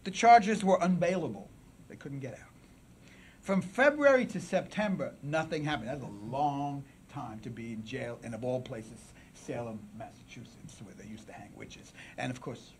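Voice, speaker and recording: A man giving a public lecture at a symposium, with dramatic swings from loud declaiming to a near-whisper, and asides to the audience. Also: medium pitch, moderate pace, a little hiss or hum. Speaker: symposium speaker.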